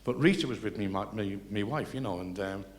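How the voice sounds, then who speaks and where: A man's voice: on the low side, brisk. An older man telling rambling stories to a live audience, chatty and full of restarts. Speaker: comedian. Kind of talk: live stand-up storytelling.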